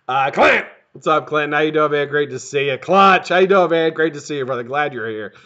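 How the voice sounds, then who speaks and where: Middle-aged male stream host, bright lively delivery, dull lo-fi audio. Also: on the high side, brisk. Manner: lively, profane, greets viewers one after another. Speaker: livestream host. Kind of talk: casual live-stream chat.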